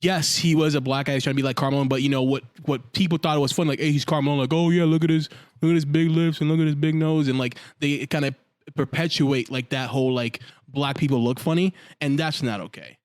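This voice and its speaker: A man's voice: fairly high pitch, fast talker, no echo. A man co-hosting a casual podcast chat, telling stories and acting out quoted lines as he goes. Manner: animated storyteller, acts out quotes. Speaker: podcast co-host.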